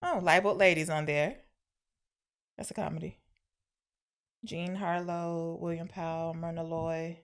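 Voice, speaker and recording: Steady and a little slow, this woman's fairly low, clean voice leaves long pauses. She co-hosts a podcast, casually reviewing an old film, walking through the segments and arguing in fun.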